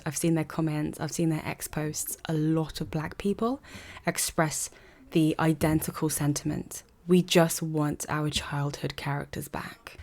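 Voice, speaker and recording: A woman's voice: sits low, a little mellow. A young woman giving an earnest, conversational opinion monologue to camera, often asking rhetorical questions. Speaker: vlogger.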